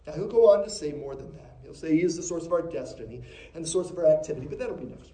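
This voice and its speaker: High-voiced, dynamic preacher in an echoey room. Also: male voice, expressive, fast. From Minnesota, USA. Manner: dynamic, swings from quiet to raised and emphatic. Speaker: pastor. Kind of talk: sermon.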